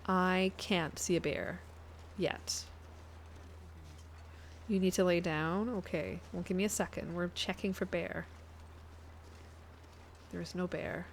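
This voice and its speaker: A woman's voice: lowish voice, steady tone, slow pace, long pauses, a little hiss or hum. A woman, chatting casually to her viewers while playing a game on a live stream and thinking aloud. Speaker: guest streamer.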